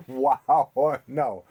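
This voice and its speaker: A man's voice: medium pitch, fairly even intonation, extremely slow, warm tone, husky. Easygoing man on a comedy podcast. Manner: easygoing, laughs along. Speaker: podcast co-host. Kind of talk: casual comedy podcast chat.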